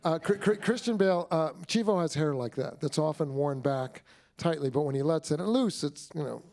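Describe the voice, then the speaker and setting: Mellow-voiced man in rambling Q&A talk. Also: a little high, expressive, moderate pace, vocal fry. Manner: rambling, warm and effusive, many restarts. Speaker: film director, guest. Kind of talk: Q&A talk after a screening.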